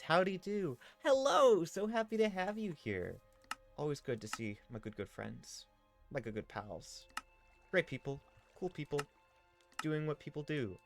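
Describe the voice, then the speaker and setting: A man on a live game stream with a mid-pitched, lively voice that swings up and down as he talks. He rambles playfully and reads chat messages aloud, with faint game music under him. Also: gravelly.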